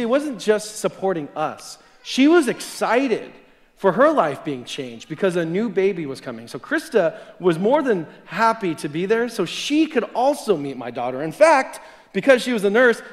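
A man preaching a sermon as a personal story, talking conversationally and chuckling between sentences. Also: fairly high pitch. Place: church sanctuary. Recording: long hall reverb.

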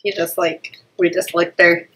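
A woman's voice: lowish voice, flat delivery, measured pace, sharp tone, breathy edge, rough recording. A woman in her thirties hosting a casual family snack unboxing, chatty and laughing often, stumbling over foreign names. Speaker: family channel host.

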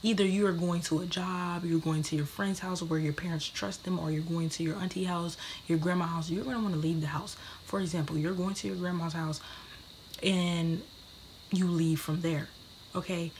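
A woman's voice: on the low side, steady tone, moderate pace, darkish tone, a little hiss or hum. A young woman giving brash, profane advice in a casual vlog, often dropping into whispers. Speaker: vlogger.

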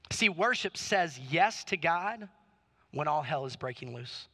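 A man's voice: a little high, expressive, measured pace, sharp tone. A man preaching a sermon as pastor, emphatic, with repeated rhetorical questions. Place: church auditorium.

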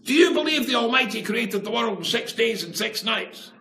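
A high, nasal-sounding nerdy teenage boy with a whiny, faux-innocent way of asking, as a man puts him on. His voice swings far up and down. The room is echoey. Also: animated, normal speed, gravelly, pushed and bright, heavily acted. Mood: mock-innocent. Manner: high, whiny, feigned naive questioning. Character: nerdy seventeen-year-old boy, mock-innocent.

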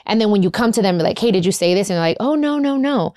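A woman's voice: mid-range voice, very fast, dry recording. Chatty woman podcast host, dry sound. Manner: chatty, warm-hearted and candid, with Spanish phrases mixed in. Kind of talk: casual chat.

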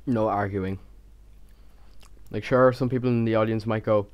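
A man's voice: on the low side, steady tone, normal speed. A young man rambling casually as he voices over his game time lapse, stuttering and poking fun at himself. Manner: rambling, stuttering, self-mocking. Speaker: Minecraft YouTuber.

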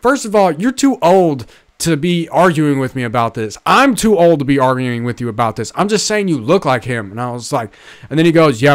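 A young man co-hosting a podcast, telling a story in casual, profane chat and acting out the people in it. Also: on the high side. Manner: profane, animated, mimics people in anecdotes. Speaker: podcast co-host.

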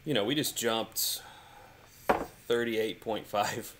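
A man co-hosting a live whiskey tasting stream, relaxed and joking. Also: on the low side, slow pace, background noise. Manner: relaxed, joking, laughs often. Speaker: co-host. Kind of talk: casual live tasting chat. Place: home in Kentucky.

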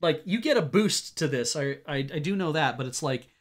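A man streaming a game, musing out loud and hesitating as he plays. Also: on the high side, animated, moderate pace. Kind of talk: casual game stream commentary.

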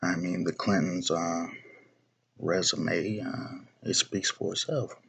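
Slow and steady in tone, a young video blogger's low-pitched, husky voice carries vocal fry and a fairly bright quality. He rants about politics to camera, bluntly and profanely, circling back to repeat himself and restart phrases.

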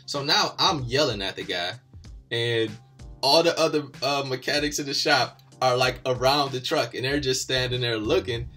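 A young man hosting his own automotive channel, casually telling a story about a mechanic and getting animated as he retells the argument. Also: mid-range voice, normal speed, faint music behind.

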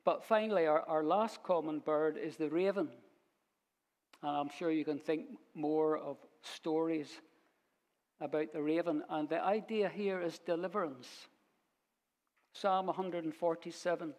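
A man teaching a Bible sermon in a church, unhurried and storytelling as he quotes verses. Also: fairly high pitch, fairly even intonation, a little mellow. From Scotland. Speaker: preacher.

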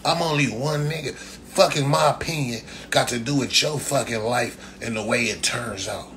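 A man's voice: mid-range voice, normal speed, fairly bright tone, a little hiss or hum. A man ranting bluntly on a casual livestream, lecturing with rhetorical questions and repeating the same slang address constantly. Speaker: livestream host answering chat.

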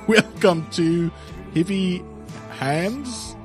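A man doing a hammy, put-on South African accent, pitched well above his usual voice and louder. The vowels are stretched and overplayed in a playful podcast bit. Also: very slow, music in the background. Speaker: podcast host.

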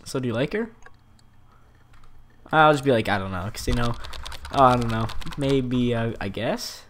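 Animated young man playing a game. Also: medium pitch, normal speed, long pauses, background noise. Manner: animated, joking, reads chat messages aloud. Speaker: gaming channel host. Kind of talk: let's play commentary. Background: loud game music.

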